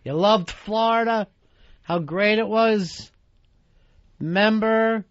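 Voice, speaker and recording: A man's voice: high voice, takes it slowly, clear, resonant tone, lo-fi sound. A man hosting a talk radio show, blunt, profane and teasing as he takes calls. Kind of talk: casual talk radio banter.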